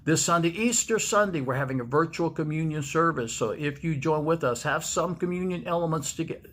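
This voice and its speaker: A man's voice: fairly high pitch, a little fast, a bit bright, a little hiss or hum. A man, a pastor, giving a devotional video message to camera in a storytelling manner and repeating key lines for emphasis. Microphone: speaking to camera.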